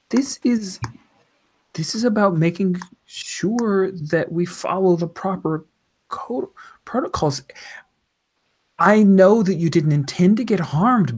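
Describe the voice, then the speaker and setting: A man's voice: sits high, a little mellow, husky, voice pushed up, full character voice. A man voicing a prim older woman official in a tabletop game, apologetic and rule-bound.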